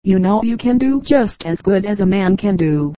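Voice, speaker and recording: A woman's voice: mid-range voice, animated, normal speed, mellow, no echo, natural voice. A woman reading the lines of an insistent daughter-in-law arguing her point. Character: insistent young daughter-in-law, riverboat clerk.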